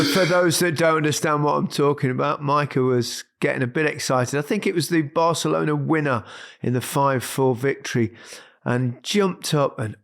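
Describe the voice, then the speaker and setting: A man in his sixties hosting a casual football podcast, presenting smoothly and teasing his co-hosts in a dry way. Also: mid-range voice. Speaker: podcast host.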